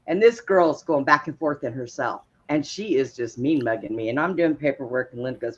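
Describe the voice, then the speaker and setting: A woman telling lively stories in casual chat, laughing often as she goes. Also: sits low, moderate pace, husky. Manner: laughs often, animated retelling. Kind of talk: casual storytelling. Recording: dull lo-fi sound.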